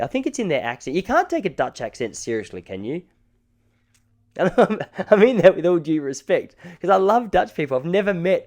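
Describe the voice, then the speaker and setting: An Australian man in his thirties hosts a casual solo podcast. He rambles through joking stories, and his pitch swings freely up and down in a middle register. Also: a little mellow. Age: 30s. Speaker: podcast host.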